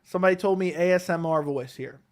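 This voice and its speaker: A man hosts a casual live stream from home, seated close to his desk microphone. He answers viewers' questions one by one in a relaxed, rambling way. His voice sits a bit higher than most men's. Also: fast talker. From Connecticut, USA. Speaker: MMA YouTube host reading live chat.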